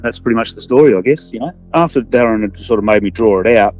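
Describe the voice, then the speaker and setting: A man's voice: fairly low pitch, fast, a little mellow. A man recounting what he saw in an interview, hesitant, with many fillers. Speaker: interviewee, eyewitness. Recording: dull lo-fi sound, faint music.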